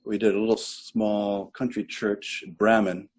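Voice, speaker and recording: A man's voice: on the low side, level tone, measured pace, a little mellow, slightly rough, low-quality recording. An older man, a retired choral director, telling long rambling anecdotes in an interview, correcting himself as he goes. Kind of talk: relaxed interview storytelling.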